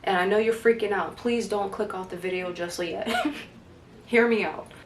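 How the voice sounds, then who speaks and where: A woman talking directly to viewers, giving earnest faith-based advice on healing, with lively asides. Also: medium pitch, normal speed, roomy sound, noisy background. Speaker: life advice vlogger. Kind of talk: casual faith-based self-help talk.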